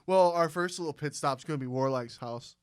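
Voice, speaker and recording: A man's voice: a little high, brisk, smooth, no echo, studio quality. A young man co-hosting a podcast, bantering and cracking crude jokes. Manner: joking, profane banter. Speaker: podcast co-host. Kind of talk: casual chat.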